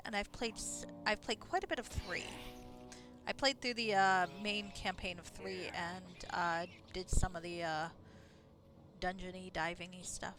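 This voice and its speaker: A woman streaming a game, chatting casually and rambling with frequent laughs. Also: medium pitch. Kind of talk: casual gameplay commentary. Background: game music.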